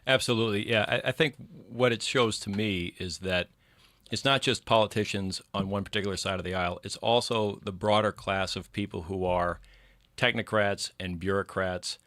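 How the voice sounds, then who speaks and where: A man giving measured, articulate commentary in a casual political talk show. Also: lowish voice, steady tone, fairly bright tone, dry recording.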